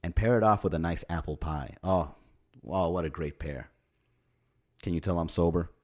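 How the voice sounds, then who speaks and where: Deep-voiced man riffing sarcastically. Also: moderate pace, darkish tone. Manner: sarcastic, wry, laughs at his own jokes; swears casually. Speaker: podcast host. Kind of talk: casual comedic podcast monologue.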